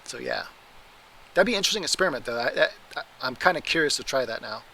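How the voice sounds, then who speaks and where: A man's voice: mid-range voice, lively intonation, quick pace, bright, forceful tone, slight background noise, low-quality recording. A man hosting a casual livestream, answering viewer questions in a rambling, self-correcting way. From Oregon, US. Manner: rambling, self-correcting, laughs at his own mistakes.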